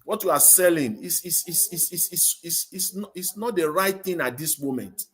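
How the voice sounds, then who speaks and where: A man speaking as a caller on a live show, halting and repeating words as he searches for them. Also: fairly high pitch, fairly bright tone.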